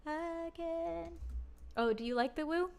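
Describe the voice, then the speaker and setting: A woman's voice: very high-pitched, slow, gravelly. A woman musician talking to herself and her viewers while building a song in a studio livestream. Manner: talks to herself, soft and musing. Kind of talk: casual talk while making music. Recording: roomy with long reverb, music behind. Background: music playing.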